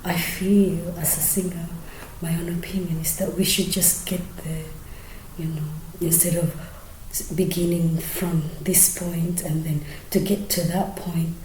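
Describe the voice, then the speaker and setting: A woman explaining her singing technique in a soft, often half-whispered, hesitant way with many fillers. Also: lowish voice, little pitch movement, unhurried, a little hiss or hum. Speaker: singing teacher. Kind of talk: casual singing tutorial. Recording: roomy echo.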